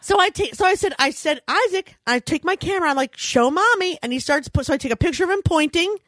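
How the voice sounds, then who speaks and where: A woman in her thirties telling an animated story in casual chat, laughing often and swearing freely. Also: sits high, fast talker, dry recording. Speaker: storyteller, mother.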